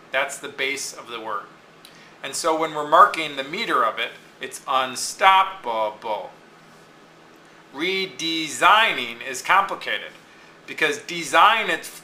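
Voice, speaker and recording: A man teaching a lesson, patiently repeating words slowly to show where the stress falls, with frequent "okay"s. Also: a little high, pushed and bright, a little hiss or hum, low-quality recording. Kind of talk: recorded classroom lesson.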